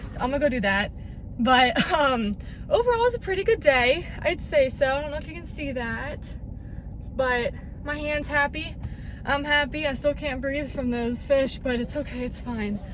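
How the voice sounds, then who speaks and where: A woman fishing vlogger talking casually outdoors by a pond into an action camera, chatty and quick to exclaim. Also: high-pitched. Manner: excitable, chatty, exclaims freely. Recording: windy outdoor camera audio with music.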